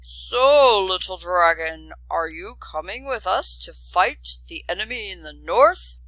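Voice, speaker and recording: A woman's voice: mid-range voice, expressive, measured pace, pushed and bright, dry recording, rough recording. A woman voicing a cold, menacing soldier leader in a storybook reading, growling and threatening.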